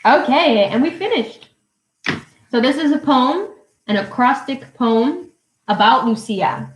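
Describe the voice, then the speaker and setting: A young woman teaching English poetry to children in a live online lesson, speaking slowly and clearly and cheering them on. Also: high voice, expressive, echoey room, low-quality recording. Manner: encouraging, slow and clear, counting syllables aloud. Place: at home.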